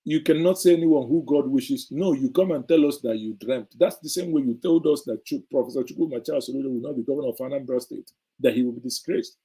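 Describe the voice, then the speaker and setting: A man's voice: mid-range voice, quick pace, warm tone, slightly rough, poor audio. A middle-aged man gives indignant, sarcastic political commentary as a show host, hammering his points with emphatic repetition.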